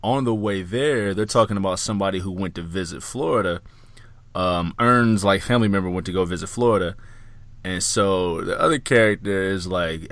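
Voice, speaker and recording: Male podcast host, lowish pitch, bright, forceful voice, dry close mic, animated, swears a lot. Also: moderate pace, no echo. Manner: animated storyteller, laughs loudly, swears freely. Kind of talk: casual chat.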